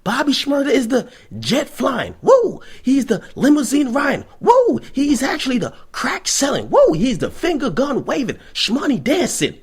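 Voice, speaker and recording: A man mimics a brash defense lawyer who brags in a shouted hype-man cadence, punctuated by whoops. The voice jumps far above his normal register and swings widely, and it keeps a husky grain. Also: very high voice, wildly swooping pitch, normal speed, few pauses, voice pushed up, full character voice. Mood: hyped. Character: hyped boastful male defense lawyer.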